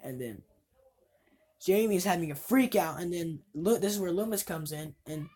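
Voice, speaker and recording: A woman's voice: lowish voice, animated, moderate pace, dark tone. A woman giving a casual, rambling movie review, exasperated and swearing freely.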